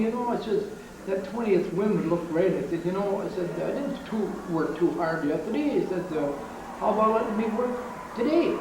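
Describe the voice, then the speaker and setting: Older man, ex-pitcher, meandering anecdotes; distant mic, faint hiss. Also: dark tone. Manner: rambling storyteller, many fillers. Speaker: former baseball pitcher. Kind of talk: reminiscing interview. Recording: echoey, distant, faint noise.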